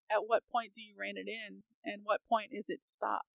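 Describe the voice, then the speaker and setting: A woman's voice: medium pitch, flat delivery, normal speed, vocal fry, fairly bright tone, no echo, low-quality recording. An American woman co-hosting a podcast, ranting emphatically in casual opinionated chat and laughing often. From United States. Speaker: podcast co-host.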